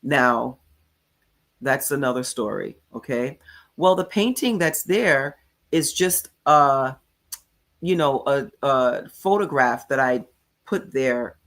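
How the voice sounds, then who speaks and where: A woman's voice: very deep voice, expressive, slow pace, fairly bright tone. A woman hosting a casual commentary show, recapping events in a chatty way and often checking in with her viewers. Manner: chatty, recounts quotes, frequent "okay?" checks. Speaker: commentary channel host. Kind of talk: casual live commentary on a court case.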